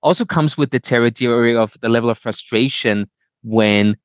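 A man's voice: mid-range voice, normal speed, no echo, highs cut off. Austrian man, German native speaker. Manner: frequent restarts, searching for words. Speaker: guest, IT leader. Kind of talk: casual interview chat.

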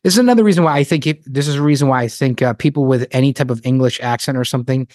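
A man hosting a podcast, talking in an animated, joking, rambling way. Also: mid-range voice, racing, no echo, clean studio sound. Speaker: podcast host. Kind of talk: casual interview chat.

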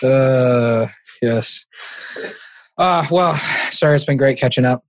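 A man's voice: medium pitch, slow, no echo. A man hosting a casual podcast chat, laughing easily and rambling through loose asides. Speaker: podcast host.

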